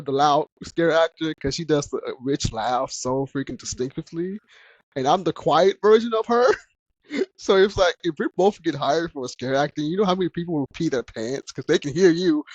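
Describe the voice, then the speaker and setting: A man's voice: on the high side, expressive, normal speed, dry recording. Laughing man hosting a podcast, dry sound. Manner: laughs often while telling stories. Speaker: podcast host. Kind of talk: casual podcast chat.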